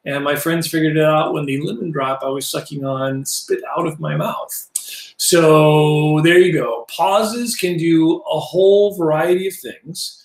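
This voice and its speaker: A man's voice: a little high, fairly even intonation. Rambling middle-aged male teacher, roomy echo. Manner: digressive, halting, self-deprecating. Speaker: Bible language teacher. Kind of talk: casual explanatory lesson.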